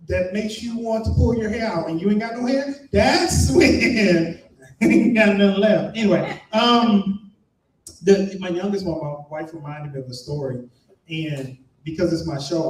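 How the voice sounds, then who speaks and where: This Maryland comedian and emcee jokes around loosely with a live audience at a comedy venue, his voice sitting high but with a darkish tone. The recording has a roomy echo, and the mic is heard from a distance.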